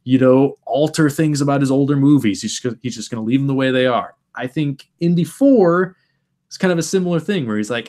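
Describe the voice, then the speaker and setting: A man's voice: medium pitch, fairly quick, darkish tone. Young male podcast host, casual and talkative, mid-range voice. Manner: thoughtful, talks in long stretches, acts out quotes. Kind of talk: casual film discussion.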